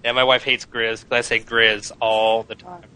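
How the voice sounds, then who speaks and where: A man co-hosting a casual gaming podcast, telling animated, profane stories. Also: mid-range voice, moderate pace, smooth, dry recording, rough recording. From Phoenix, USA. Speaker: podcast co-host.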